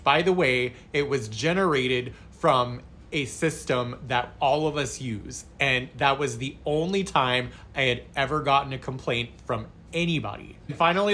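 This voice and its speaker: Animated man telling a story. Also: mid-range voice, slight background noise. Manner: animated, expressive retelling. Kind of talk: casual storytime vlog.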